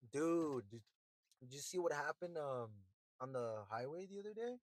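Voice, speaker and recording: A young man with a slightly high voice co-hosts a relaxed podcast chat. He laughs often and lets his voice sink low and soft when he muses. The recording is dry and close. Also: normal speed, dry recording. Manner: laid-back, laughs often, drops low when reflective. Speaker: podcast co-host. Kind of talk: casual chat.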